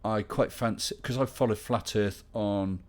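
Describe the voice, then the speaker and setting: Man, middle-aged, live stream host, casual Q&A chat, dry humor, lowish voice. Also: fairly even intonation, unhurried, darkish tone. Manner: chatty, reads out viewer questions with dry humor.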